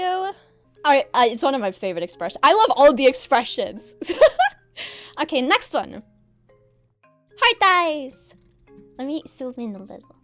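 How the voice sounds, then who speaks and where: A woman's voice: high voice, big pitch swings, measured pace, long pauses, fairly bright tone, soft background music. A young woman streaming as a VTuber, showing off her avatar in a bubbly, giggly, exclamatory way with playful chatter. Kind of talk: excitable stream chat showing off a model.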